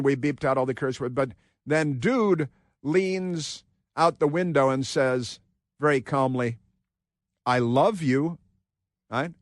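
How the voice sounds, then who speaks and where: A man's voice: mid-range voice, no echo. Guy ranting on talk radio, sarcastic and combative, lots of restarts, dry studio sound. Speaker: radio talk show host. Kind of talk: political talk radio monologue.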